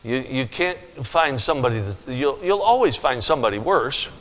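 Animated preacher man in an echoing hall. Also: moderate pace. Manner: animated, swings from loud emphatic to low quiet asides. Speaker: pastor. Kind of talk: sermon with storytelling.

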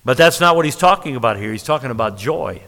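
Bright-voiced male preacher in a reverberant hall. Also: medium pitch, lively intonation, fast, gravelly. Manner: emphatic, stretches key words, laughs at his own points. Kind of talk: sermon.

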